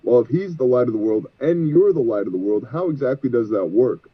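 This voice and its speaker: A man's voice: medium pitch, expressive, brisk, slightly rough. An exhausted man, a ministry leader, speaking as a guest in a fervent, sermon-like way and quoting scripture. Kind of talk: preachy interview talk. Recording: tinny phone-like call line.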